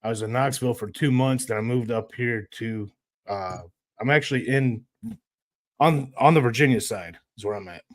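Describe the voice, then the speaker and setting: Hesitant man from Illinois, middle pitch, casual podcast co-host. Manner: hesitant, halting.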